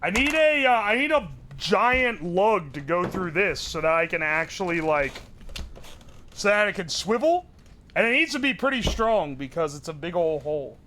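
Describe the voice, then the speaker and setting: A man's voice: high-pitched, expressive, normal speed, pushed and bright, slight background noise. A man streaming live, joking with his chat and thinking aloud while he builds something. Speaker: livestreamer. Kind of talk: casual livestream chat.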